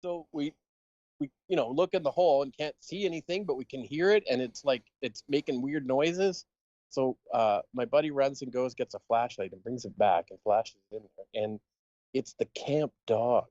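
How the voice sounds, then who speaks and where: A man's voice: medium pitch, moderate pace, a little mellow, dry recording, muffled recording. Man telling a rambling camp story. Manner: rambling anecdote, laughing often. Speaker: podcast co-host. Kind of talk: casual storytelling chat.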